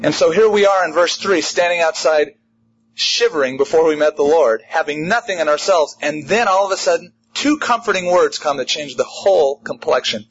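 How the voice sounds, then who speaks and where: A man preaching a sermon in an emphatic, animated way, driving home a repeated refrain. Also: a little high, moderate pace, slightly rough, dull audio. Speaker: pastor.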